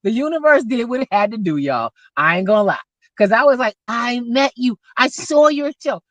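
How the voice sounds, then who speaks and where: Woman host, folksy and animated, lively pitch, dry close sound. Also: normal speed, no room sound, dull audio. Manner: animated storytelling, acts out quoted dialogue; folksy, addresses listeners as y'all. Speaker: podcast host. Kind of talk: casual chat.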